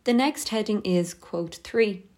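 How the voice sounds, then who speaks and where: Woman reading a calm lesson. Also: medium pitch. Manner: steady, measured reading. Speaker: teacher. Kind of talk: scripted lesson narration.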